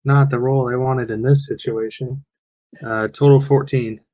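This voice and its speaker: A man's voice: mid-range voice, steady tone, measured pace, dark tone, poor audio. A man playing a tabletop game over online voice chat, casually describing his character's actions in third person. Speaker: player.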